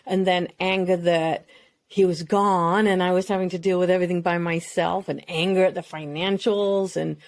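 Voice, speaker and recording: A woman's voice: fairly low pitch, fairly even intonation, moderate pace, dry recording. A woman, a mental health expert, speaking candidly and emotionally as a guest on a podcast. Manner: earnest, emotional, speaks in long flowing runs.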